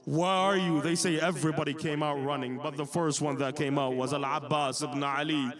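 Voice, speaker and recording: A man's voice: a little high, steady tone, brisk, crowd noise. Man preaching an emotional mourning sermon. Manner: emotional storytelling with chanted Arabic lines. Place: Islamic centre hall.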